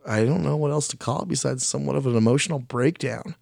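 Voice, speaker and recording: A man's voice: mid-range voice, quick pace, gravelly, darkish tone, dry recording, studio quality. A man telling a long story in casual chat, blunt and frank, swearing often and rambling, and openly critical of himself. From Mexican heritage.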